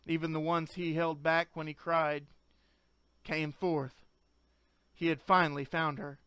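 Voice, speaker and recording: A man's voice: on the high side, flat delivery, a little slow, fairly bright tone, smooth, dry recording. A man narrating a story as an audiobook, reading earnestly and shifting into each character's voice.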